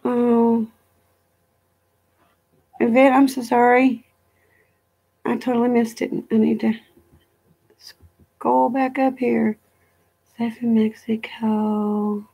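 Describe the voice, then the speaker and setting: A woman's voice: a little high, level tone, takes it slowly, gravelly, pauses often, warm tone, breathy edge. Rambling woman hosting a casual livestream. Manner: rambling, reads viewer comments aloud. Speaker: livestream host. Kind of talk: casual live-stream chat.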